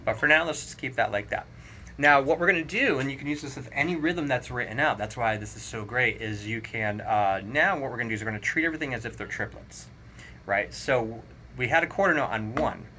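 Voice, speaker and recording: A man teaching a drum lesson, counting rhythms aloud in a relaxed, explanatory way. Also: medium pitch, a little fast, slight background noise. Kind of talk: casual spoken drum lesson. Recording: drums playing clearly behind the voice. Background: drum kit playing.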